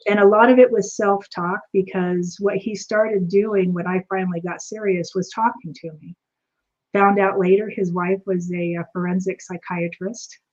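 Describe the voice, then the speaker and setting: A woman guest telling a personal story in an animated way, acting out the dialogue as she goes. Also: medium pitch, moderate pace, dull audio. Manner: animated, acts out quoted dialogue. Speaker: returning guest.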